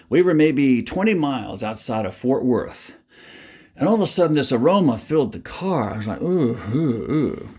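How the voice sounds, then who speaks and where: A man's voice: medium pitch, a little mellow. An older man hosting a music program, telling folksy, joking stories between songs. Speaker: radio-style music show host. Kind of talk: casual music show chat.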